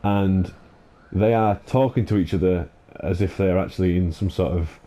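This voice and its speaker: Low-pitched and mellow at a normal pace, this gaming-channel host delivers ranting commentary over gameplay. He sounds exasperated and swears a lot, stumbling through fillers and restarts.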